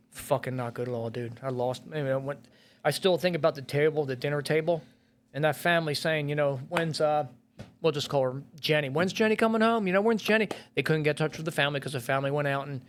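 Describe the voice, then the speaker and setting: A middle-aged firefighter and police officer telling a painful rescue story in a podcast interview, blunt and full of swearing. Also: male voice, a little high, fairly even intonation, brisk. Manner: blunt and profane, heavy swearing and filler words.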